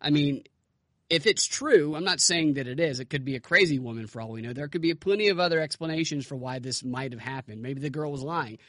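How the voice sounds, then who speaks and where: A man's voice: on the high side, brisk, a bit bright, no room sound, studio quality. A man co-hosting a political podcast, making his points with rhetorical questions. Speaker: podcast co-host. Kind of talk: casual political podcast chat.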